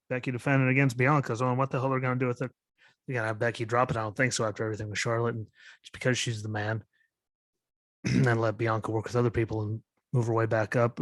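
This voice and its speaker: A man's voice: mid-range voice, little pitch movement, fast talker, no room sound, clean studio sound. A man hosting a solo wrestling podcast, talking in a skeptical, exasperated rant full of "like" and "literally". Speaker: podcast host.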